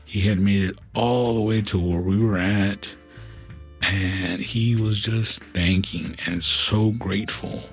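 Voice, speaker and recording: A man hosting a podcast, telling stories in a casual and halting way with many fillers and restarts. His voice sometimes turns soft and emotional. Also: fairly low pitch, fairly even intonation, soft background music. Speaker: podcast host. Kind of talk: casual storytelling.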